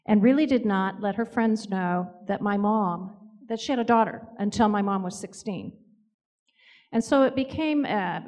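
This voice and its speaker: A woman telling personal stories in a gentle, reflective way, with pauses. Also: medium pitch, in a large hall. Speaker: co-author and speaker. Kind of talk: storytelling talk.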